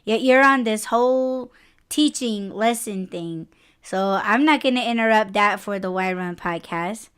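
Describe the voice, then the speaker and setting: A woman's voice: medium pitch, a little slow, a bit bright, clear, resonant tone. A woman co-hosting a podcast in casual chat, teasing her partner playfully and laughing often. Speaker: podcast co-host.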